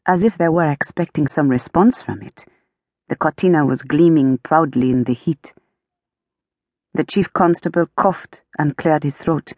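A woman narrating an audiobook in a steady storytelling manner, lightly amused. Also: deep voice, normal speed, breathy edge, no room sound, clean studio sound.

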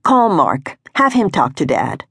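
A woman doing a brisk, skeptical grown daughter. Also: deep voice, sing-song, slightly rough, dry recording, clean studio sound, heavily acted. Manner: clipped, questioning. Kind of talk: audiobook character voice.

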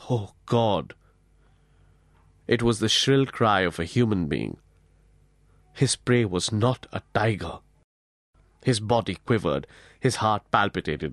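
A man narrating a novel as an audiobook, telling the story expressively, slowing and speeding for effect. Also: fairly low pitch, no room sound, studio quality. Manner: expressive storytelling, varied pace. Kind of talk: scripted narration.

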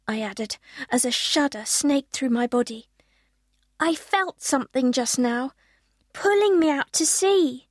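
A woman's voice: on the high side, moderate pace, no room sound, clean studio sound. A woman narrating a children's audiobook in the first person, telling it expressively.

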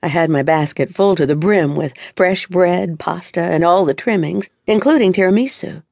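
Woman narrator, first-person romance, confiding tone, gravelly edge, dry close studio sound. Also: lowish voice, moderate pace, darkish tone, no echo. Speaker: audiobook narrator.

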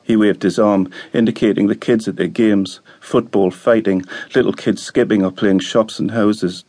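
A man reading a novel aloud as an audiobook narrator, calm and measured. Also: fairly low pitch.

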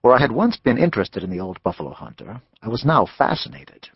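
A man narrating a western novel as an audiobook, in a measured storytelling manner. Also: mid-range voice, very animated, creaky, breathy edge, dry recording, highs cut off.

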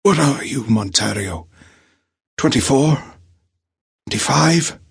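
A man voicing a frail, dying old professor who speaks in a gravelly, raspy voice with labored breath. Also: medium pitch, expressive, slow, dry recording, studio quality, pitched above the performer's own voice, heavily acted. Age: older. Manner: labored breathing, urgent pleading.

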